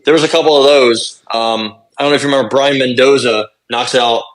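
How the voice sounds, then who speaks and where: A young adult man co-hosting a podcast, recapping fights in casual chat, talking fast and swearing. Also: mid-range voice, steady tone. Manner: rapid, swearing fight recaps with lots of fillers. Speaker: podcast co-host.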